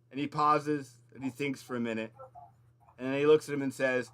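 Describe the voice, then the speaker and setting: A man's voice: mid-range voice, little pitch movement, moderate pace, a bit bright, clear, resonant tone. A man running a tabletop game as game master, narrating in a loose, casual way with lots of fillers.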